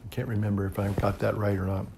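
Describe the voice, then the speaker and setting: A middle-aged man, a priest, chatting casually to camera in a relaxed, rambling way, chuckling often and pausing to puff on his pipe. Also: lowish voice, vocal fry, a little hiss or hum. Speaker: priest and pipe-smoking video host.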